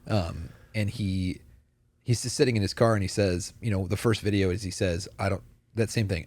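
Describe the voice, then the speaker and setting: Earnest low-voiced man telling stories. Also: steady tone, normal speed, a little mellow, no echo. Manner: earnest, storytelling with many fillers. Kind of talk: casual conversation.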